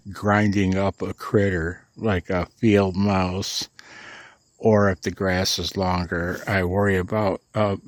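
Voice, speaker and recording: Sleepless hobbyist vlogger, man, low and unhurried, chuckles through his stories. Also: no room sound. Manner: chuckling, rambling storyteller. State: sleepless, late at night. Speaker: amateur radio vlogger. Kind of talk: casual chat to camera.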